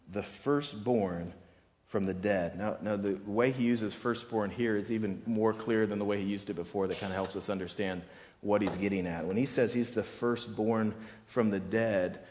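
Conversational male pastor in a reverberant hall. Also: mid-range voice. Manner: conversational, repeats words and restarts, emphatic. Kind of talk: sermon.

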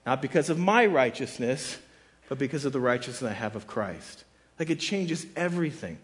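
A man's voice: medium pitch, animated, moderate pace. A man preaching a sermon as pastor. He talks casually and conversationally, fills his speech with "like," and acts out the people he quotes. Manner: casual and conversational, with frequent "like" fillers; dramatic, voices the people in his scripture quotes.

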